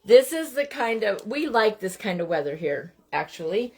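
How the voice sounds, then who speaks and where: A woman's voice: medium pitch, sing-song, moderate pace. A middle-aged woman from Montana talks her viewers through a craft project on a live stream. Her talk is chatty and loose, full of greetings to viewers by name and asides about her day. She works at a table in her home craft room, talking as she goes. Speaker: craft livestream host.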